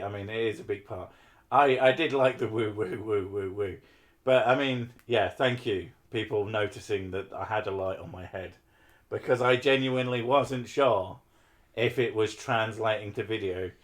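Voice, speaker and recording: A man hosting a live stream, chatting casually and rambling through self-mocking asides. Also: lowish voice.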